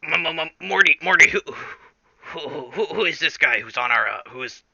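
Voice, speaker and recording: A man's voice: a little high, expressive, normal speed, gravelly, sharp tone, no echo, lo-fi sound, voice pushed up, full character voice. A man voicing a stammering, cranky old male scientist who repeats his words in a stutter. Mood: urgent.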